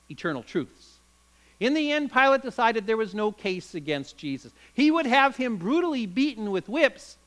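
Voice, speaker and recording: A man preaching, his voice high and bright as he tells the story with drama and emphasis. His pitch swings widely, rising and falling with every turn. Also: low-quality recording. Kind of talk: sermon.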